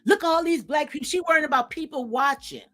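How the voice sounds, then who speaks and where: Emphatic high-voiced woman commentator. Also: quick pace, bright, forceful tone. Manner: emphatic, repeats phrases, addresses viewers directly. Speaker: commentary channel host. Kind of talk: reaction commentary on viral clips.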